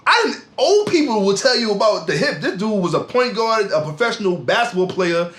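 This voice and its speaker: A man's voice: sits high, sing-song, a little fast, a bit bright, roomy sound. Man ranting heatedly about sports. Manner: heated, ranting, repeats words. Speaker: podcast co-host. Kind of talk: casual sports talk.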